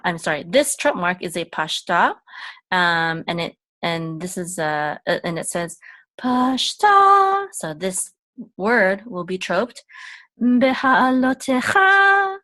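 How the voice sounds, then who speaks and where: A woman gives an unhurried reading lesson, walking through each letter and vowel one at a time. Her voice sits on the low side, and she talks slowly. She often pauses on ums and corrects herself as she goes. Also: a bit bright. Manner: patient, halting with frequent ums and self-corrections. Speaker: Hebrew teacher. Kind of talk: step-by-step language lesson.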